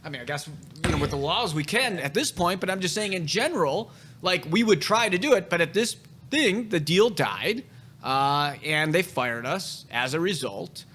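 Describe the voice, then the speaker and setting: A man's voice: fairly high pitch, lively intonation, normal speed, pushed and bright. A man hosting a casual podcast chat, telling real estate stories in a blunt, profane way.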